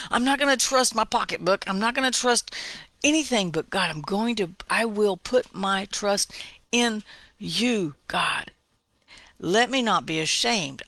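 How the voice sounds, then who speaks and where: A woman giving a casual devotional Bible talk, conversational, often asking "right?" and sometimes slowing to a near-whisper for emphasis. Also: mid-range voice, a bit bright, no echo. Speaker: Bible teacher.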